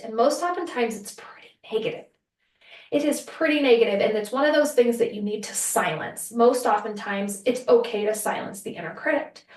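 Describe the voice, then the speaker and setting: A woman's voice: fairly high pitch, roomy sound, distant mic. A woman hosting a solo podcast, telling a story in a casual, earnest way and acting out what people said. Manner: earnest, conversational, acts out quotes. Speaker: podcast host.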